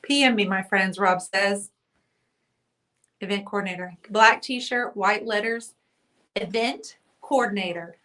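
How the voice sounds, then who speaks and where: A woman's voice: mid-range voice, a little slow, pauses often, sharp tone. A woman hosting a casual livestream, chatty and teasing as she reads viewer comments aloud. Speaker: livestream host.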